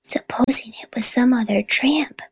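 A woman's voice: high voice, lively intonation, normal speed, mellow, no room sound, voice pushed up. A woman voicing a bold young girl in a storybook reading. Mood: whispering.

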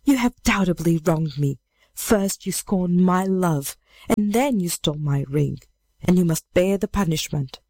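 A woman's voice: on the low side, animated, unhurried, darkish tone, dry recording. A woman reading as a vengeful witch maiden. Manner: stern, accusing.

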